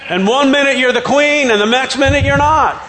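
A man preaching a sermon as a pastor, telling the story dramatically and swinging from loud outbursts to hushed near-whispers. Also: very high-pitched, fairly quick, big-room sound, a little hiss or hum.

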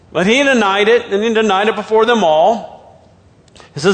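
A man preaching a sermon as a pastor, telling the story dramatically and swinging from loud outbursts to hushed near-whispers. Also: high-pitched, fast talker, in a large hall.

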